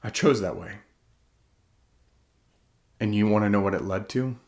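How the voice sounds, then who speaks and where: A man with a fairly low voice speaks as an author giving a heartfelt motivational talk. He is earnest and keeps asking himself questions. He pushes some lines out loud and lets others drop to a hush. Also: unhurried. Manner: earnest, self-questioning, swings from loud to hushed.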